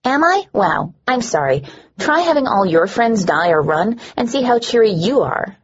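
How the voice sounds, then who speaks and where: A woman's voice: medium pitch, sing-song, moderate pace, breathy edge, muffled recording, pitched above the performer's own voice. A woman doing a scornful, bitter young woman. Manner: sneering, scornful.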